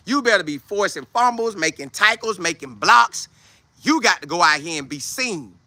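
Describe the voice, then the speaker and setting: A man in his twenties, hosting a casual football show, talking loudly and boastfully with lots of energy. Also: high-pitched, no room sound. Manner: loud, trash-talking, animated. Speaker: show host, football player. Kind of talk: casual livestream chat.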